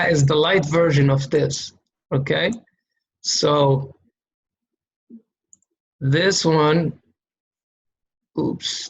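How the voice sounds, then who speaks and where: A man gives a step-by-step reading lesson at an unhurried pace. His voice has a gravelly, creaky texture. He repeats each sound so it sticks and keeps checking in with the learner. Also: fairly high pitch, rough recording. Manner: patient, explains slowly and checks in with "okay?"; demonstrates sounds by repeating them. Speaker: Quran reading teacher. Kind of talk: step-by-step lesson explaining letter shapes and sounds.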